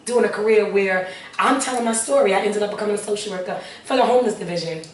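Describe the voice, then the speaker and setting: An earnest woman, a guest in an interview, talks fast in a mid-range voice as she gives her personal testimony, adding prayerful asides and repeating phrases. She's recorded from a distance, slightly off-mic, in an echoey room with faint background noise.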